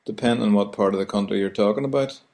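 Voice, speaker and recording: A man's voice: lowish voice, fast talker, darkish tone. A man with a Belfast accent, presenting a wry, chatty explainer on how locals talk. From Northern Ireland. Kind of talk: scripted explainer on local speech.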